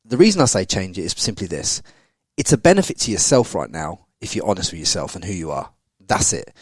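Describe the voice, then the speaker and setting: A man hosting a casual podcast interview, blunt and energetic, swearing freely. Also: sits low, brisk, husky, dry recording. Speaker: podcast host.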